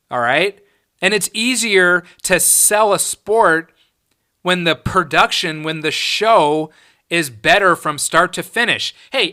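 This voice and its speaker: A man's voice: sits high, sharp tone. A man hosting his own podcast, ranting in a heated, profane and emphatic way. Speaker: podcast host. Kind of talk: solo podcast rant.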